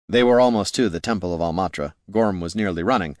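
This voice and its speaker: A man reading a fantasy story aloud as an expressive, measured audiobook narrator. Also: low-pitched, no room sound, clean studio sound. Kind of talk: scripted narration.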